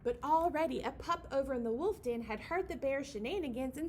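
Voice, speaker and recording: A woman's voice: high-pitched, brisk, darkish tone, slight background noise. A young woman leading a library storytime for babies, reading a picture book aloud in a playful sing-song way and acting out the animal sounds.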